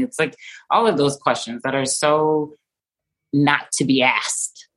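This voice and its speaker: A young woman recounting a hard personal experience in conversation, halting and full of fillers and restarts, her voice often soft and trailing off. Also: very deep voice, low-quality recording. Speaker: interview guest.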